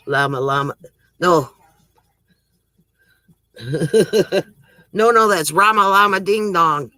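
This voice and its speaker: Bright, high man telling corny jokes. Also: extremely slow, pauses often, no echo, low-quality recording. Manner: chuckles at his own jokes; rambling, self-interrupting delivery. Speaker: livestream joke teller. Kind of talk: casual joke telling on a livestream.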